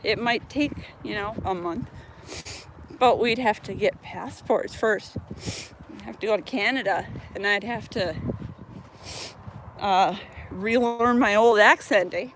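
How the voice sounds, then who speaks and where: A woman's voice: mid-range voice, slow pace. A woman from North Dakota with a slight Upper Midwest accent, chatting on a live stream with rambling talk full of fillers and restarts. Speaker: vlogger co-host. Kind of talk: casual live-stream chat. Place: outdoors on a beach, then in a car. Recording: noisy live phone stream.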